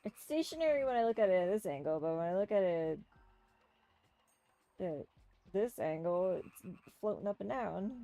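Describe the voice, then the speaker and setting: A woman's voice: mid-range voice, lively intonation, moderate pace, long pauses, mellow, soft background music. A woman streamer giving casual, offhand game commentary with some swearing. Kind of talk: casual let's-play commentary.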